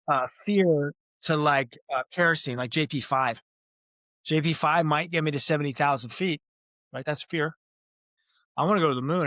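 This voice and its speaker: A man speaking as a podcast guest, talking earnestly and reflectively with frequent pauses and vivid comparisons. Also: on the high side, a bit bright, no room sound, highs cut off. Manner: earnest, uses metaphors, many "uh" pauses. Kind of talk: reflective interview talk.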